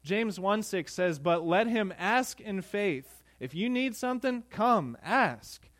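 A young man preaching a sermon to his congregation, chatty and joking, voicing the disciples' pleas as he goes. His voice sits a little higher than most men's. The sound is dry and close, with no room echo. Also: animated, takes it slowly, a bit bright. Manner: conversational, joking asides, acts out the disciples' pleas. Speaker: pastor.

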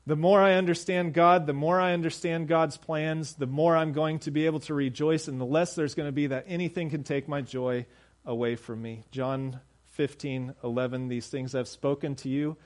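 A man preaching a sermon as pastor, earnest, slowing down and dropping softer on key phrases. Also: fairly high pitch.

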